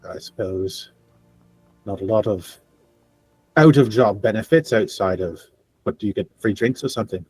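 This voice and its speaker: A man's voice: on the low side, normal speed, long pauses, a little mellow, husky, no echo, faint music behind. A man voicing a dry, blasé male professor with a wry, sardonic manner.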